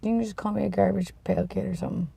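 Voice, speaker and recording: A vlogger with a cold, sniffly and tired, chatting casually to the camera in a rambling, self-deprecating way that trails off into low mumbles. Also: fairly even intonation, rapid-fire, creaky, dark tone, slightly rough. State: sick with a cold, sniffly and congested; tired and yawning.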